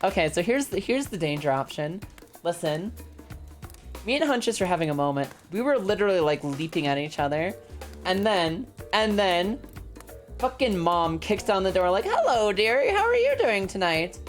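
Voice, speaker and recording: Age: adult. Sex: female. Style: excitable, laughing livestream chat. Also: lowish voice, moderate pace, faint music behind. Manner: excitable, laughs often, profane. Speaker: streamer. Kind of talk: casual livestream chat while gaming.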